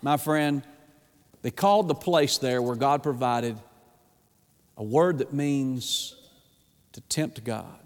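A man's voice: medium pitch, slow pace, long pauses. A man preaching a sermon in a folksy, emphatic way, often calling out "my friend". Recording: long hall reverb.

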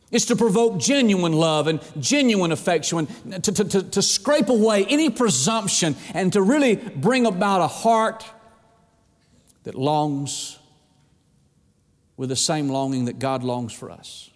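A man's voice: high voice, expressive, normal speed. A man preaching a sermon, acting out scripture quotes with dramatic swings and folksy phrasing, calling his listeners friend. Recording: long reverb in a large hall.

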